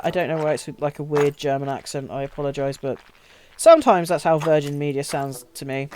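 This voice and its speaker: A woman's voice: sits low, animated, brisk, a little mellow, soft background music. A woman live-streaming a game, chatting casually with her viewers, swearing freely and laughing often. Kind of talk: casual live-stream chat while playing.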